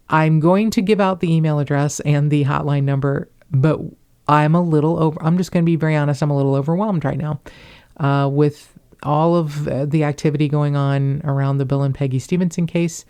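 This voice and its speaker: A woman's voice: low-pitched, gravelly, dark tone. A woman from the Cincinnati area hosting a podcast, chatting in a rambling way with wry asides. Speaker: podcast host. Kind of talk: casual chat.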